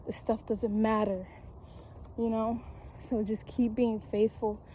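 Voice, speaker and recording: A woman preaches with rising fervor, repeating short phrases and calling on her listeners to respond. Her voice is mellow and warm at a middle pitch. A faint hiss of background noise sits under the recording. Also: flat delivery, slow pace. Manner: repetitive, exhorting, speaks in tongues. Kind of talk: spontaneous prophetic sermon video.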